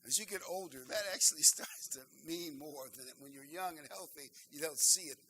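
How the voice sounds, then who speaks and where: An older man preaching a sermon, earnest and emphatic, slowing down to stress key phrases. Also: on the high side, pushed and bright, a little hiss or hum, low-quality recording.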